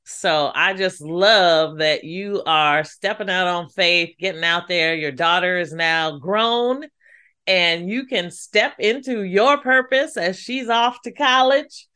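Woman podcast host: unhurried, smooth, encouraging. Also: fairly low pitch, pushed and bright. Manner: encouraging and full of praise for her guest. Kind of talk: casual podcast interview.

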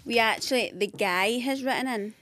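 A young woman co-hosting a podcast in casual chat, playful with quick quips. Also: fairly high pitch, a bit bright, a little hiss or hum. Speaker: podcast co-host.

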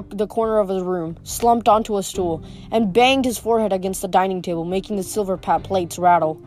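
A woman reading a novel aloud as audiobook narrator, in a steady storytelling manner. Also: medium pitch. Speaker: reader.

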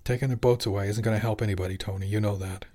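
A man's voice: on the low side, fairly even intonation, racing, mellow, close to an everyday voice. A man voicing a weary, conflicted young male heir to a fishing company in an audiobook.

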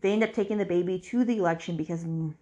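A woman with a slightly low voice recaps a book for her podcast listeners, wandering through the plot in a loose, conversational way. She often backtracks, fills gaps with fillers and restarts her sentences as she goes. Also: fast talker, mellow, muffled recording. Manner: chatty, rambling, with many fillers and restarts. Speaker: podcast host.

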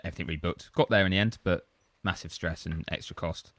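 A man's voice: low-pitched, fast talker, a bit bright, no room sound. A man co-hosting a podcast, telling long, rambling, self-deprecating stories in casual chat. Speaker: podcast co-host.

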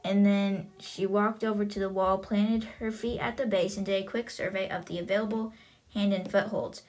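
A woman's voice: mid-range voice, fairly even intonation, moderate pace, darkish tone. A young woman hosting a podcast, casually retelling a book's plot in a chatty way with many fillers. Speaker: podcast host.

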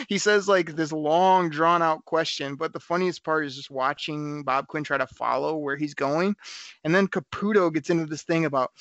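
A man hosting a casual sports talk show, talking in a rambling, animated way and laughing often. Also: a little high, moderate pace, dry recording. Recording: dry, slightly dull audio.

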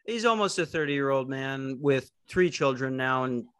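A man hosting a podcast, doing a deadpan mock news anchor routine in casual banter. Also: mid-range voice, normal speed, clear, resonant tone, no room sound, studio quality. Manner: deadpan fake-newscaster delivery. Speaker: podcast host.

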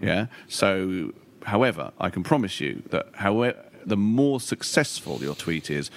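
A man's voice: low voice, very animated, a little slow, creaky. A middle-aged man, a comedian and writer talking as an interview guest in a rambling, self-deprecating way and swearing casually. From London.

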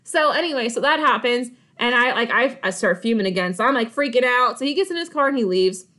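A woman with a fairly high voice co-hosting a podcast. She tells a personal story casually and dramatically, punching her points with quick asides and often laughing as she talks. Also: lively intonation, pushed and bright. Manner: emphatic, dramatic retelling with frequent asides; laughs while talking. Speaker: podcast co-host.

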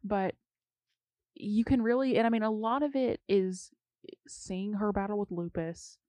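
A woman's voice: medium pitch, unhurried, darkish tone, no echo. A young woman co-hosting a casual gossip chat, chatty and hedging, often trailing off mid-sentence. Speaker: podcast co-host.

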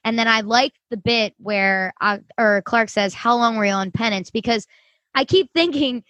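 A woman's voice: a little high, normal speed, a bit bright, no echo. A woman co-hosting a casual podcast, enthusiastically quoting and discussing TV dialogue. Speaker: podcast co-host. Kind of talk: casual chat recapping a TV episode.

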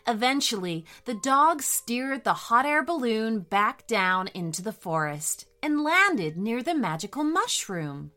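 Animated, bright-voiced woman storyteller. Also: on the high side, measured pace, few pauses, faint music behind. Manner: warm, animated, addresses kids directly. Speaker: children's story podcast host and narrator. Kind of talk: storybook narration for kids.

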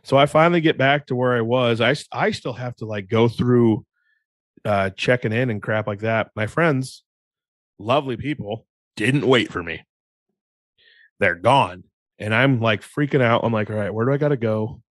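A young man from Iowa hosting a solo podcast, telling a rambling, animated story full of restarts and acted-out quotes. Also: mid-range voice, measured pace, dry recording. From Iowa, USA. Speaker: podcast host.

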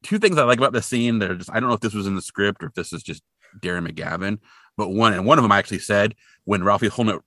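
A man's voice: lowish voice, lively intonation, very fast, pushed and bright, no echo, studio quality. A man co-hosting a casual podcast, animatedly retelling a film scene and acting out the characters' lines. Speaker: podcast co-host. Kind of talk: casual chat recapping a film.

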